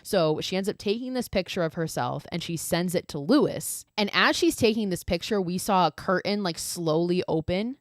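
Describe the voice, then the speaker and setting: A woman with a lowish voice recaps a horror movie scene by scene for her podcast. She talks in a loose, chatty way, full of fillers and casual swearing. The recording is dry and close, with no room sound. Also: normal speed, few pauses, no room sound. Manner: chatty and animated, lots of "like" and swearing. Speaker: podcast host.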